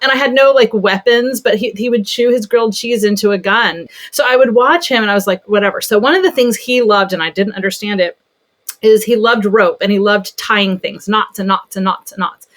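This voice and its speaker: A woman pediatric therapist telling a story in a casual podcast conversation, animated and chatty. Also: mid-range voice, normal speed.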